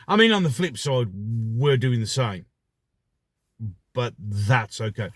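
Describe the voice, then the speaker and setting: A middle-aged man delivers a mocking, ranting commentary with plenty of rhetorical questions. His voice sits at an ordinary pitch and is recorded dry and close. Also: expressive, slow, fairly bright tone, breathy edge, no echo. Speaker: vlogger.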